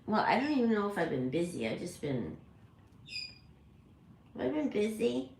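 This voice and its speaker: A woman chats casually on a home livestream, wandering from thought to thought and often correcting herself. Her voice sits at a middle pitch. The room adds a noticeable echo. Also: big pitch swings, moderate pace, vocal fry, darkish tone, slight background noise. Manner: rambling, self-correcting, chatty. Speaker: parrot channel host.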